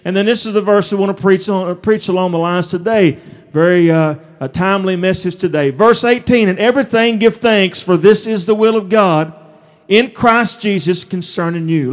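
A man's voice: high-pitched, moderate pace. A man preaching a sermon, chuckling and repeating words as he goes. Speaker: pastor.

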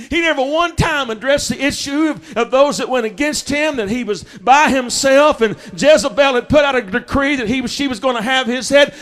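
A man preaching an impassioned sermon as pastor, calling out to the congregation and rising to shouts. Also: very high-pitched, moderate pace.

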